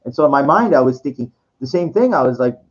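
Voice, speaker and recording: A man's voice: mid-range voice, animated, fast. A man telling a rambling personal story full of restarts and swearing, breaking into quoted voices. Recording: dull lo-fi recording.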